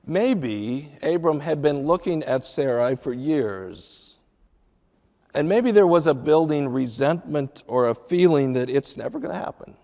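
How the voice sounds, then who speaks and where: A man's voice: a little high, unhurried, vocal fry, in a large hall. A man preaching a sermon, teaching from the Bible and acting out the lines of the people in the story with feeling. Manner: expressive Bible teaching with acted-out dialogue. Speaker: pastor.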